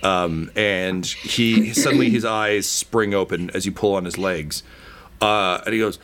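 A man narrating as game master of a tabletop game, halting with many fillers and casual swearing. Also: on the low side, a bit bright.

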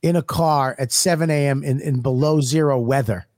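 A man's voice: mid-range voice, moderate pace, darkish tone. A man co-hosting a podcast, trading brash, profane jokes in casual banter. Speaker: podcast co-host. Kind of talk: crude comedic banter.

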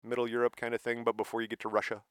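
A man co-hosting a casual podcast, teasing his co-host in a playful, lively way. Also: medium pitch, rapid-fire, clear, resonant tone, dry recording, clean studio sound. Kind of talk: casual chat.

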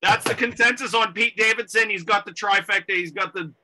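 A man hosting a comedy radio panel. He talks quickly, laughs often and steers the conversation. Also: high voice, a crowd in the background. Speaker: radio comedy show host.

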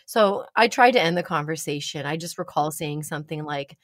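A woman, likely in her thirties, casually telling a personal story with animated delivery and dramatic pauses. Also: no room sound, studio quality. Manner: animated, dramatic pauses, rising pitch when excited.

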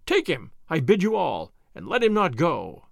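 A man voicing a pompous, blustering sheriff who shouts orders in old-fashioned speech. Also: on the high side, wildly swooping pitch, normal speed, creaky, dry recording, studio quality, exaggerated voice. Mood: bellowing. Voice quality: loud, commanding. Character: blustering pompous middle-aged male sheriff.

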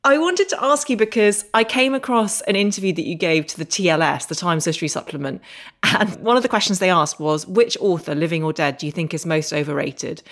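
A woman's voice: fairly low pitch, brisk. A woman hosting a podcast, asking questions in an admiring way. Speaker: podcast host. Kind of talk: interview questions.

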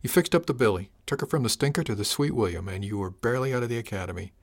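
A man's voice: mid-range voice, animated, very fast. A man voicing a frank, teasing female ship's officer in an audiobook reading.

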